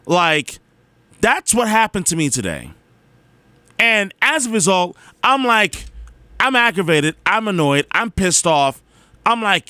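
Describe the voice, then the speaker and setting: A young man tells a rambling everyday story, exasperated and poking fun at himself. His voice sits a little high and sounds bright and sharp. The recording is dry and close. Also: takes it slowly, long pauses, smooth, no room sound. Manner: animated, exasperated, self-mocking, with filler "like" and "you know". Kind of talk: casual storytelling monologue.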